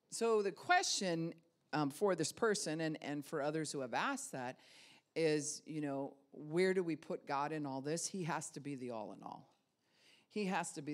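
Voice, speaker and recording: A woman pastor giving a casual spiritual teaching talk, conversational, with many rhetorical questions and light laughs. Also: low voice.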